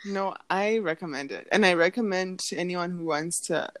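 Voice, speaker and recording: Lively young woman telling a story. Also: lowish voice, normal speed, no echo. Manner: animated storytelling, acts out quotes, laughs often. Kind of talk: casual chat.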